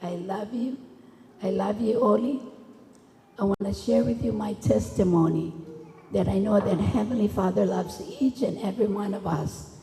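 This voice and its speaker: A woman's voice: mid-range voice, normal speed, mellow. A woman giving an earnest religious funeral speech, preaching and bearing testimony. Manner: earnest, preaching, switches languages. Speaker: funeral speaker. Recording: echoey hall, faint noise.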